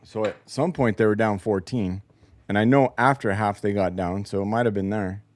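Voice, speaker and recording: A man's voice: lowish voice, steady tone, normal speed, no room sound. Profane, exasperated man ranting solo. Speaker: podcast host. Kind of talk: casual solo rant. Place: home basement.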